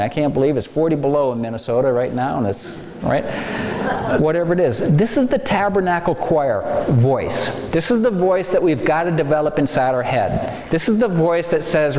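A man giving a faith-based lecture on stress, animated and acting out worried inner voices. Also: a little high, moderate pace, slight background noise. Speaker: speaker. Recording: echoey hall, faint ambience.

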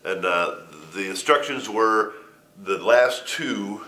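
With a lowish, expressive voice that's pushed and bright, this middle-aged man talks slowly. He's a wrestler being interviewed, and his casual story is packed with profanity, laughs and stammering false starts.

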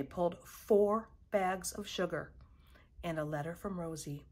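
A woman reading a children's picture book aloud in a measured storytelling voice. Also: fairly low pitch, darkish tone. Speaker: storybook reader.

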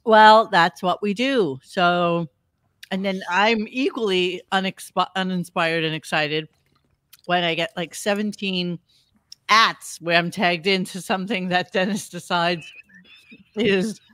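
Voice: medium pitch, fairly even intonation, a bit bright, dry recording. Podcast host, rambling casual chat, plenty of fillers, dry close mic. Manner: rambling, halting with fillers and restarts.

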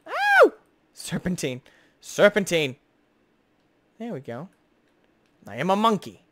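A young man giving excitable, jokey gameplay commentary as host, chatting to the creatures on screen. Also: fairly high pitch, normal speed, slight background noise. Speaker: gaming video host.

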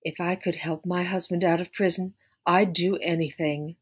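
Storybook: a clever undercover woman detective, low-voiced, coaxing and firm, read by a woman. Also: fairly even intonation, normal speed. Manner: coaxing then sharp and urgent.

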